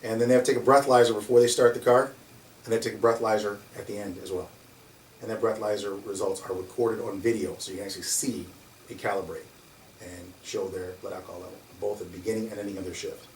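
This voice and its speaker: Speaking fast in a low-leaning voice, the animated security company owner laughs often while telling his stories. The sound is roomy and far off, from a distant mic, with faint noise.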